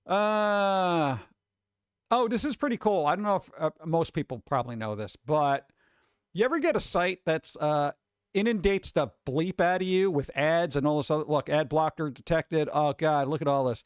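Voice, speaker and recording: A man's voice: on the high side, lively intonation, moderate pace, clear, resonant tone, no room sound, studio quality. A man hosting a live stream, chatting casually, reading chat aloud and swearing now and then. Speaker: streamer host.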